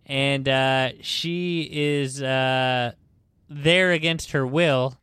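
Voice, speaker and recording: A man on a book podcast retells a story in loose, casual chat. He rambles and swears, with plenty of ums and uhs. His voice is smooth and clear, and the room sounds dry and close. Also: medium pitch, steady tone, drawn-out words, fairly bright tone, no room sound. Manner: rambling, profane retelling full of fillers.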